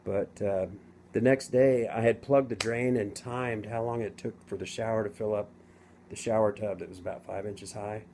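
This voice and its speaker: A middle-aged man casually telling his own story to camera, rambling and halting with many restarts. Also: on the low side, fairly even intonation, vocal fry, a little mellow, slight background noise. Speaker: vlogger telling his near-death story.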